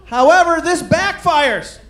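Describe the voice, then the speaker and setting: High-voiced animated stand-up comic. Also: male voice, slow, roomy sound, some chatter behind, a little hiss or hum. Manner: animated, self-mocking storytelling with mock dialogue. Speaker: stand-up comedian. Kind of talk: stand-up comedy routine.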